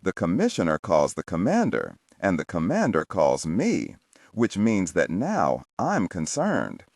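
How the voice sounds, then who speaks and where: A man playing a gruff, bossy police captain. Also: deep voice, wildly swooping pitch, a little slow, a little mellow, no room sound, studio quality, full character voice. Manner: blunt, pushy, rhetorical questions.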